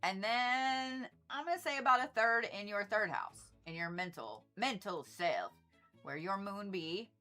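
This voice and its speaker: Middle-aged woman, livestream astrologer; bright, rambling, swears freely, soft music behind. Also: mid-range voice, expressive, unhurried. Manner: chatty, rambling, profane, laughing asides. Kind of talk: casual livestream chat.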